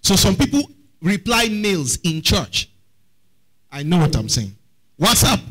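A man's voice: high voice, very animated, a little slow, a bit bright, low-quality recording. A man preaching a sermon as pastor, often asking the congregation questions.

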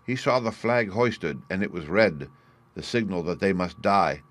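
A man reading a fairy tale aloud in a slow, measured way for English learners. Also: deep voice, lively intonation. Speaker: storyteller.

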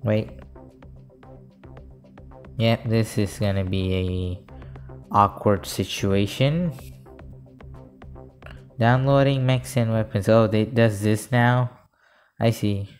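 Male gamer, slow rambling delivery over game music, bursts into yelps and cheers at kills. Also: fairly low pitch. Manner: excitable, yelps and cheers at kills, mutters asides. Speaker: gaming YouTuber. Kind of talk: live gameplay commentary.

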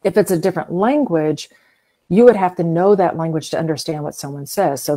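A middle-aged Southern American woman, a guest expert from a whale museum, explains things in a chatty interview, illustrating her points with everyday comparisons. Her slightly low voice is mellow and warm, and she pauses often with fillers as she works through each idea.

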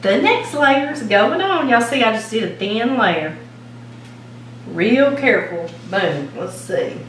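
A woman's voice: fairly high pitch, big pitch swings, slow pace, slight background noise. Louisiana lady chatting while she cooks, kinda far from the mic, big echoey kitchen. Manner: folksy, storytelling while icing a cake. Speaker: home cooking show host. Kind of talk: casual chatty cooking demo. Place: home kitchen.

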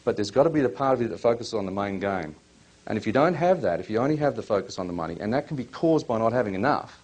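A man's voice: fairly low pitch, animated, fast, a little mellow. A man presenting a live workshop, chatty and full of questions, coaching people from the audience.

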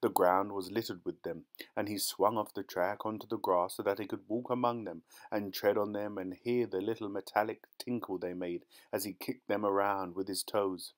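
A man narrating a story audiobook in a measured, even reading. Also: lowish voice.

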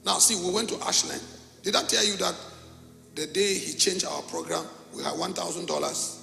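A middle-aged pastor from Cameroon, preaching a sermon and telling a story with animated, acted-out dialogue in a gravelly voice. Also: male voice, high-pitched, normal speed, faint music behind. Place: church hall. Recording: echoey church hall.

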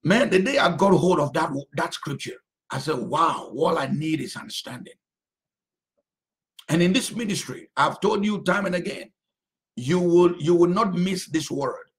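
A man's voice: a little high, normal speed. A male pastor preaching a sermon, drawing out phrases and repeating them for emphasis.

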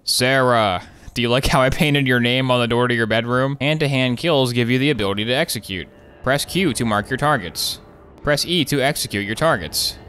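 A man riffs sarcastically through his gameplay commentary, one joke after another. His voice sits at an ordinary middle pitch. He sounds like a gaming video host talking straight to his audience. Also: a bit bright, smooth. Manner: joking, sarcastic, quick asides with laughs.

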